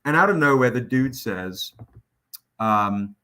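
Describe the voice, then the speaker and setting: A man hosting a livestream, telling an anecdote in a casual, animated, profane way. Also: medium pitch, slow. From England. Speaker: comic publisher hosting a livestream.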